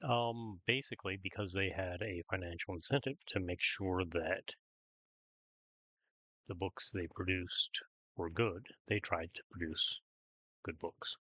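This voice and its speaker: A man's voice: sits low, a little slow, sharp tone, no echo, highs cut off. A man hosting a daily gameplay video, thinking aloud in casual commentary with many ums and "right?"s.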